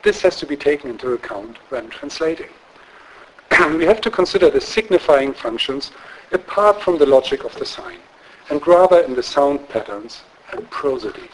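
Measured male lecturer with fillers. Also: on the high side, expressive, a little hiss or hum, low-quality recording. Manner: measured, explanatory, with frequent fillers and tag questions. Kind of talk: academic lecture. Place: lecture room.

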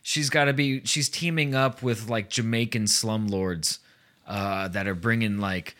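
A man co-hosting a podcast in relaxed, casual chat. His voice sits a little low but comes across bright and forward. He rambles and trails off, leaning on fillers as he talks. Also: measured pace. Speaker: podcast co-host.

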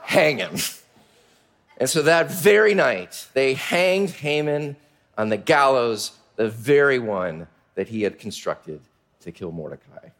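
A male pastor telling a Bible story to children in an energetic, playful way, often asking the audience questions. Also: mid-range voice, a little slow.

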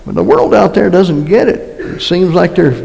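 A man with a Massachusetts accent preaches a conversational sermon, folksy and full of joking asides and restarts. His voice sits fairly high, with a gravelly edge. The sound carries the long reverb of a church hall. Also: expressive, moderate pace, darkish tone. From North Carolina. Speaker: pastor. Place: church sanctuary.

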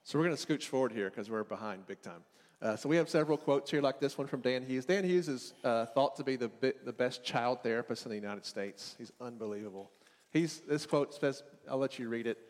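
A man's voice: mid-range voice, a little mellow. Man teaching casually in an echoing hall. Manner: casual, conversational, with asides and quick restarts. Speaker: marriage and family counselor teaching a seminar. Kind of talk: faith-based teaching talk.

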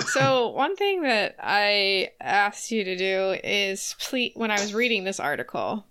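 Slow-talking, giggly woman host. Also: mid-range voice, a bit bright. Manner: giggly, playful. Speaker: podcast host. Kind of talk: casual chat.

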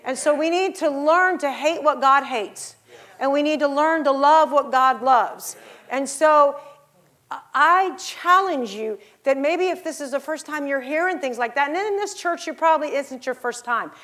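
A woman with a fairly high voice preaches a sermon in middle age. She tells stories and acts out the voices in them, and she pushes the congregation to get louder. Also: normal speed. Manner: rising to loud exhortation.

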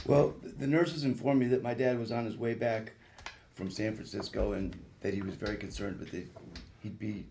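Gravelly man telling a harrowing story. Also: lowish voice, steady tone, normal speed, mellow, slight background noise. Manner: earnest, vivid retelling with rising intensity at peak moments. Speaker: guest, reconstructive surgeon. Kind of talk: personal story told on radio talk show.

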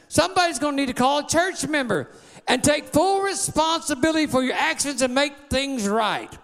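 A man delivers a fiery sermon in a very high voice, hammering his points with repeated declarations and calls to the congregation. His folksy, drawling grammar rings out in a church sanctuary with a long reverb trailing each phrase. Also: gravelly, fairly bright tone. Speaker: preacher.

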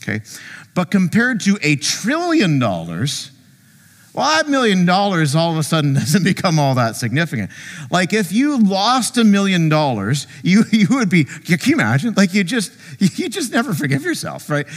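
A man preaching in a church with a fairly high, lively voice that rises and falls a lot. He talks to the congregation in a conversational, animated way, acting out little quotes. The sound carries a long hall reverb. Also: moderate pace. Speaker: pastor. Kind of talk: sermon. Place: church sanctuary.

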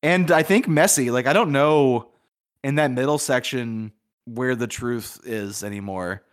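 A man's voice: mid-range voice, a little slow. A young man co-hosting a podcast, chatting casually about a film and rambling with lots of "like" fillers. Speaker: podcast co-host.

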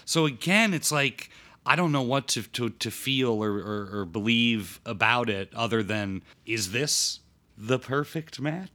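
A man hosting a casual film podcast, recapping plots in a halting way with many fillers. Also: mid-range voice, animated, pushed and bright. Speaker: podcast host.

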